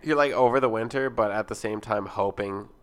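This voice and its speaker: Very low-voiced deadpan woman. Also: brisk. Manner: dry, deadpan delivery that sounds sarcastic. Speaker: podcast co-host. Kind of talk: casual chat.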